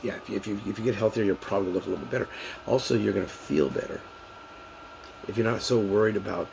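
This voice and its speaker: Gravelly low-voiced man rambling on a vlog. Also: fast talker, background noise. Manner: rambling, repetitive, many restarts and fillers. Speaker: vlogger. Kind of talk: casual unscripted vlog monologue.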